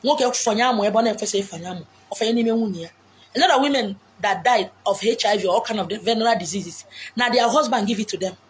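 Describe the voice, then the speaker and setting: Out on a beach, a fast-talking woman with a mid-range voice and Nigerian Igbo accent gives a monologue of forceful, blunt relationship advice, switching among English, Pidgin and Igbo.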